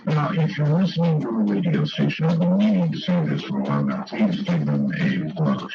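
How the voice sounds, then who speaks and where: A man's voice: deep voice, expressive, a little fast, dull audio, crowd noise. A man hosting a late-night call-in radio show, chatty, wry and easily amused. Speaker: radio talk show host.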